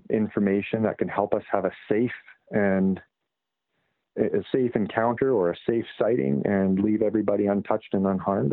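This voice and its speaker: A man's voice: fairly low pitch, no room sound. Man on a tinny, dry phone line. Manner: measured, with frequent fillers and restarts. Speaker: guest wildlife expert. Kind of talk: casual interview over the phone.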